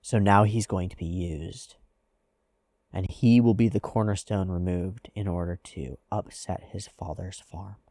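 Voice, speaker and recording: A man's voice: sits low, fairly even intonation, measured pace, mellow, no room sound. A man hosting an anime reaction, talking through a character's psychology in a thoughtful, analytical way with frequent "like"s. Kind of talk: casual reflective commentary.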